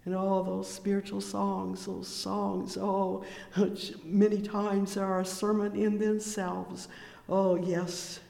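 A fervent preacher delivers a slow, measured sermon in a fairly even, steady tone. Between scripture readings comes a constant stream of heartfelt exclamations of praise. The voice rings out in a large, reverberant hall. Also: mid-range voice, creaky. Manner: fervent, interjects "oh, yes" and "praise the Lord" between verses.

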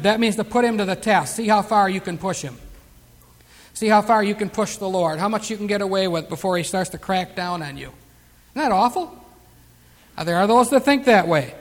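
A man preaching a sermon, reading scripture slowly and emphatically. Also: sits high, animated. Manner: emphatic scripture reading, slow drawn-out verses. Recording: long reverb of a hall.

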